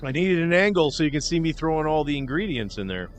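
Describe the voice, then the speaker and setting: A man's voice: fairly high pitch, big pitch swings, fast talker. A man hosting a casual cooking livestream, rambling and joking at his own expense, with the odd swear word. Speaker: livestream host. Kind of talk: casual cooking-show chat.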